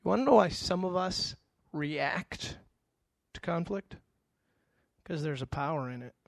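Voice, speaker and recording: Animated, high-voiced pastor preaching. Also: male voice, unhurried, creaky, dry recording. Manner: animated storytelling, with frequent stammered restarts. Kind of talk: conversational sermon.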